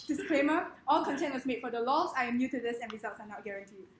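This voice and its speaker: A young Singaporean-accented woman with a highish voice gives a humorous speech in an echoey room, with background noise audible. She plays it mock-grandiose and playful, laughing between lines.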